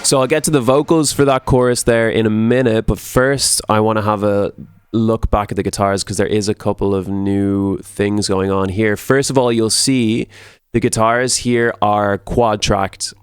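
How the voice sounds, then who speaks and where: A man who produces music, talking through a tutorial in a relaxed, casual way and often repeating words for emphasis. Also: fairly low pitch, moderate pace, clear, resonant tone, no echo, clean studio sound.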